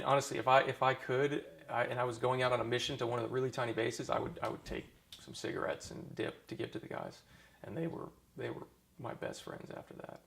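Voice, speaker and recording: A man with a gravelly, creaky edge to his voice, of middle pitch for a man, recounts his deployment in a loose, conversational way. He restarts sentences often and leans on fillers as he tells the story. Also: fairly bright tone. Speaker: former army dentist. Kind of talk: oral history interview.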